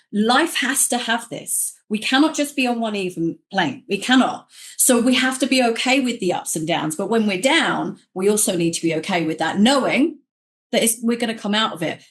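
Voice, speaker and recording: A middle-aged woman hosting a podcast, chatting warmly and acting out quoted voices as she tells stories. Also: medium pitch. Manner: animated storyteller, acts out quoted voices. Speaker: podcast host. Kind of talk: casual conversation.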